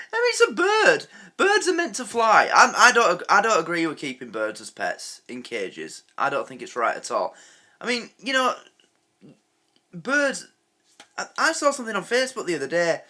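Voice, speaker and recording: An English man hosting a reaction video, giving animated, casual commentary and ranting with laughs. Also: high voice, moderate pace. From England.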